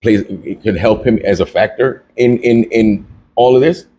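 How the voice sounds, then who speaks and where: A man's voice: fairly low pitch, moderate pace, warm tone, a little hiss or hum. A man co-hosting a heated casual debate about boxing, slangy and stammering through restarts as he talks over the other man.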